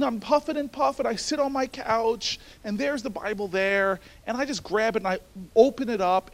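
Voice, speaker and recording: A man tells a personal story to a crowd of students, animated and swinging from loud bursts to hushed earnest passages. His voice sits unusually high for a man and has a gravelly rasp underneath. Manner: animated, building to shouts, then hushed and earnest. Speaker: speaker addressing a university audience. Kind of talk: storytelling speech.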